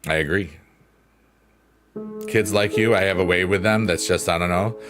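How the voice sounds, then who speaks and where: A man's voice: low-pitched, moderate pace. A man hosting a livestream, chatting casually and jokingly as he reads out the chat. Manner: rambling, jokey, reads chat aloud. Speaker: livestream host. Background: piano.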